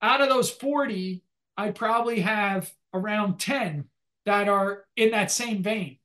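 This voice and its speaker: An older male economics professor, speaking in a relaxed, rambling way as an interview guest, with many restarts and fillers. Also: high-pitched, unhurried. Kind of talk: conversational interview.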